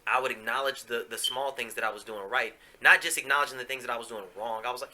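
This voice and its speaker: A man hosts a podcast and shares a personal story in a confessional way. His speech is casual and full of fillers and swearing. His voice is very bright and forceful, at an average pitch. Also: steady tone, quick pace, hardly any pauses. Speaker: podcast host.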